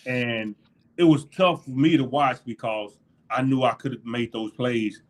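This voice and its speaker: A man's voice: mid-range voice, measured pace. A middle-aged man, a former football linebacker, telling locker-room stories in a casual interview, laughing often and acting out what others said. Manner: animated storyteller, laughs often, acts out quotes. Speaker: former NFL linebacker, guest.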